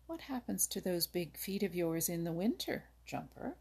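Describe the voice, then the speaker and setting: A woman reading aloud voices Old Mother Nature, a wise, kindly but firm old woman who teaches the woodland animals patiently and can turn sharp. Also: on the low side, very animated, normal speed, heavily acted. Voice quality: husky, creaky. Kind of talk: storybook reading.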